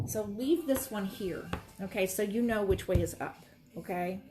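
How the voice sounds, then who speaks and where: A woman's voice: medium pitch, normal speed, over music. A woman teaching quilting in a casual demonstration, chatty and reassuring as she talks while she works at her sewing station. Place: sewing room, moving between workstations.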